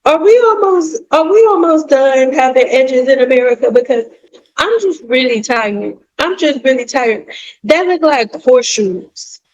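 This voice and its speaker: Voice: high-pitched, animated, a little slow, highs cut off, a little hiss or hum. A commentator reacting to clips with wry, laid-back remarks.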